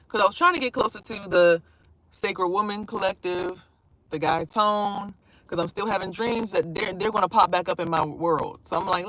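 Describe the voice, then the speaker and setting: A woman vlogger telling a personal story in a casual, animated way, swearing freely and acting out what people said. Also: medium pitch, no echo. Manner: animated, profane, acts out quotes.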